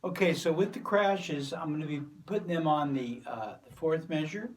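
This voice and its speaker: A man giving a drum lesson, explaining crash patterns step by step in a relaxed way with plenty of fillers. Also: a little high, normal speed, noisy background. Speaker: drum teacher. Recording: voice from a distance from the mic. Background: drum kit and cymbals.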